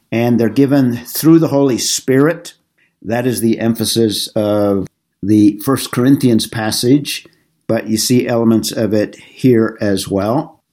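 A middle-aged man teaching a Bible study class, explaining passages in a measured way with some halting restarts. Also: fairly low pitch, dark tone.

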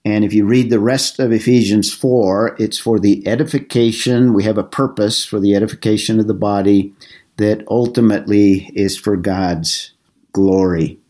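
A middle-aged man teaching a Bible study class, explaining passages in a measured way with some halting restarts. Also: fairly low pitch, fairly even intonation, warm tone.

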